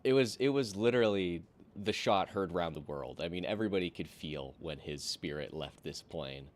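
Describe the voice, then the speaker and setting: A man hosting a game stream, teasing his co-host and spinning deadpan stories. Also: sits low, normal speed. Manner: teasing, deadpan storytelling with many fillers. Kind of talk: casual in-character banter.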